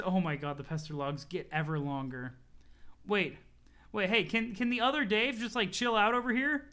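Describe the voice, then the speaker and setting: A streamer reading a web comic aloud on a live stream, who breaks into excited asides and laughs. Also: medium pitch, moderate pace.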